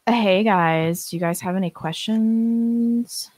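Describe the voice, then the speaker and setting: A woman co-hosting a live stream, telling her story in a casual, animated way, acting out what people said and laughing often. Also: medium pitch, slow, no room sound.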